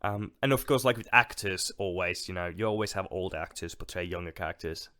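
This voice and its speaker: A man's voice: low voice, brisk, bright, forceful tone, no room sound, clean studio sound. A man co-hosting a podcast in a casual film discussion. He speaks hesitantly, with many fillers and restarts. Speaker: podcast co-host.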